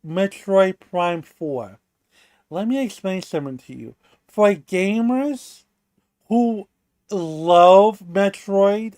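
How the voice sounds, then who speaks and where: A man's voice: high voice, a little mellow, no room sound. A man co-hosting a livestream in casual chat, rambling with restarts and swearing while he builds his point. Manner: rambling, restarts and profane rants. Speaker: stream co-host.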